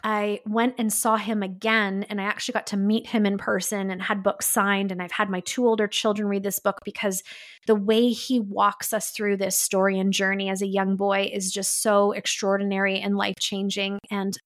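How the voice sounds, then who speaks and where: A woman hosting a podcast, telling a story in an earnest, heartfelt way. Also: mid-range voice. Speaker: podcast host. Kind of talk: solo podcast monologue.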